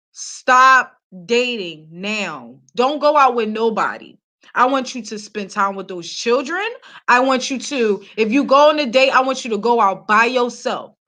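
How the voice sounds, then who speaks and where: A woman's voice: sits high, sharp tone. A woman from Philadelphia hosting casual celebrity gossip commentary, blunt and chatty, talking straight to her viewers.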